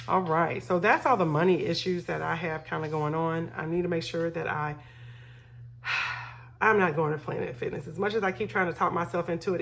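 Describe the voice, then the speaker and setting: A middle-aged woman with a somewhat low voice chats easily as she counts cash for her budgeting vlog. She talks to her viewers like friends, relaxed and unhurried. A faint hiss sits under her voice. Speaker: budgeting vlogger host. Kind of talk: casual chat while counting cash.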